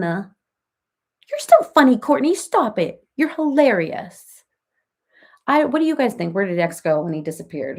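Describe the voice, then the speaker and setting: A woman's voice: on the high side, a little mellow. A woman doing a comic impression of a chatty reality-TV mom, rambling through gossip and family stories on a live stream and laughing as she talks. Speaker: comedian doing a parody live chat.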